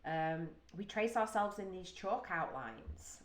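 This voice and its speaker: A woman's voice: fairly low pitch, animated, slow. A British woman from the UK hosting a music reaction, talking casually and emotionally, thinking aloud with gasps and sighs. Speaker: music reaction video host. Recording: roomy echo.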